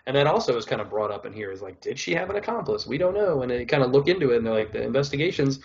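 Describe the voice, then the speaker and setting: A man in a mid-pitched voice co-hosts a podcast and reviews shows in loose, rambling chat. He fills his talk with "like" and "whatever". The audio is a little dull and muffled. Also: very animated, rapid-fire, darkish tone. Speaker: podcast co-host.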